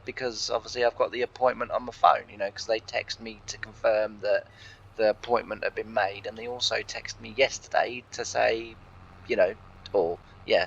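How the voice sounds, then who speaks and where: Young english bloke rambling through a story, low gravelly voice, dull lo-fi sound. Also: male voice. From England. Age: young adult. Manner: rambling anecdote, retelling each exchange with "I said" and "she said". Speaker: let's play host. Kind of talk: casual storytelling over gameplay. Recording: dull lo-fi recording.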